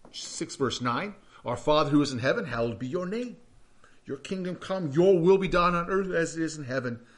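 A man preaching a sermon, reading scripture aloud and breaking into hushed, questioning asides. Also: on the high side. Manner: animated, swings between loud reading and hushed asides. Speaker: pastor.

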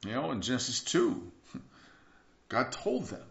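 A man preaching a sermon, earnest, moving between hushed passages and emphatic bursts and repeating words for emphasis. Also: mid-range voice, big pitch swings, unhurried, vocal fry, long pauses. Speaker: pastor. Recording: echoey room, dull lo-fi sound.

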